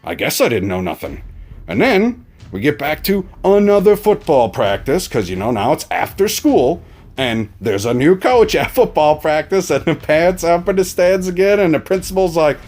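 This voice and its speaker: A man's voice: a little high, very animated, moderate pace, darkish tone. A man recapping a TV episode in a casual, profane, exasperated way. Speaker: TV reaction reviewer.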